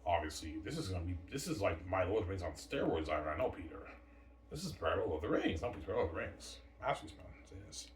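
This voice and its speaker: A man's voice: low-pitched, sing-song, fast talker, slight background noise. A man talking in a boastful, rambling monologue, peppered with "man" and "yeah". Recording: roomy distant mic with faint ambience.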